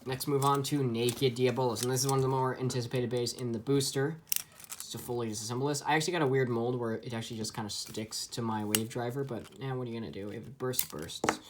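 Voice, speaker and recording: Man, casual toy review, chatty, lots of ums, average pitch. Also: fairly even intonation, fast, slight background noise.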